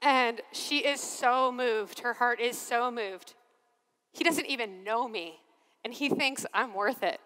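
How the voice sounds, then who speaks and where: A religious sister giving a keynote to a large crowd in animated, expressive storytelling, acting out voices and laughing often. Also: female voice, on the high side, slow pace. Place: large convention arena. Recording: long reverb of a big arena.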